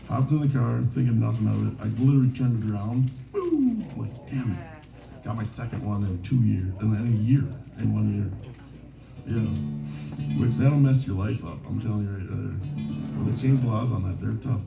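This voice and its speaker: A man's voice: fairly low pitch, steady tone, fairly quick, creaky, over music. A man from Minnesota, a touring musician, rambling through self-deprecating anecdotes between songs at a bar gig. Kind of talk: onstage storytelling between songs. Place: bar stage at a live gig. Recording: roomy live venue, distant mic.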